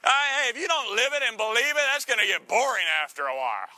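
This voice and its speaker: A man preaching a sermon in a teasing, conversational way, full of quick asides to the congregation. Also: extremely high pitch, very animated, pushed and bright, a little hiss or hum. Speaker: pastor.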